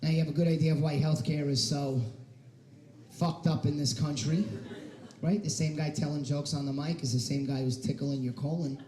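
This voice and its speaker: A man doing a stand-up comedy set on a stage in a hair salon, animated and swinging into loud shouted punchlines. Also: a little high, normal speed. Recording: roomy echo of a live room.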